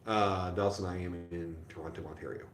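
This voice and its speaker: A man's voice: sits low, fairly even intonation, brisk, echoey room, a little hiss or hum. A tired, sore middle-aged man chatting casually on a livestream from a hotel room, rambling and self-deprecating with lots of fillers. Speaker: livestream host. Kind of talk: casual rambling live chat.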